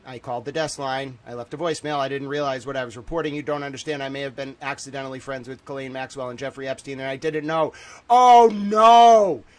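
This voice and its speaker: A man's voice: mid-range voice, steady tone, fast, hardly any pauses. A man in his thirties hosting a livestream, panicked and swearing, exclaiming and repeating himself as he talks to his viewers. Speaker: livestream host. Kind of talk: agitated livestream monologue.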